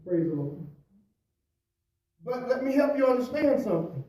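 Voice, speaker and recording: A man, a pastor, preaching at a Bible study, swinging between loud emphasis and quiet asides, often adding "praise the Lord" and "hallelujah". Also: very high-pitched, big pitch swings, normal speed. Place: church. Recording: echoey church from a distant mic.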